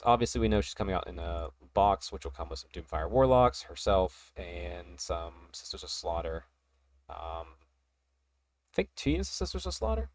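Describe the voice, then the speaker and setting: A man hosting a casual hobby podcast, talking in an excited, rambling way and laughing often. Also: sits low, no room sound. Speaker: podcast host.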